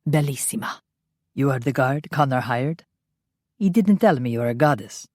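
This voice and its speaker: A woman reads as a charming male vampire, heaping gallant praise in a low voice. The audiobook read is close and dry, with no room around it. He is effusive and unhurried. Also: animated, a little mellow, dry recording. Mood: flirtatious.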